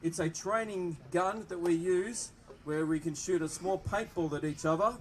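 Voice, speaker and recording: An upbeat Australian man with a high-pitched voice presents at a police open day, speaking at a moderate pace. He jokes and chats with the kids in the crowd, addressing the live audience at an outdoor public event through a microphone and loudspeakers.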